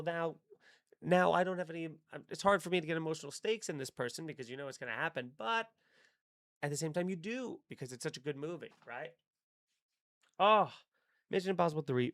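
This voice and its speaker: A man hosting a live stream, chatting casually and excitably with his viewers and swearing freely. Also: fairly high pitch, no echo, studio quality.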